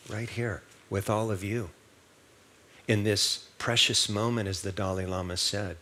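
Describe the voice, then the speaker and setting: A man with a fairly low voice preaching a sermon. He talks in an easy conversational way, tells stories and keeps asking the congregation rhetorical questions. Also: fairly bright tone. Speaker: minister. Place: church service.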